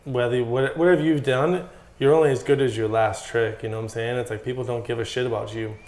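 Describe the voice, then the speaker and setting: A man's voice: mid-range voice, fast talker. A man rattles off stories at speed, dropping swear words as he goes. He sounds like a guest on a laid-back podcast. His voice bounces around a roomy, echoing space. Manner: profane, animated storytelling. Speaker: pro BMX rider guest. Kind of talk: casual podcast chat.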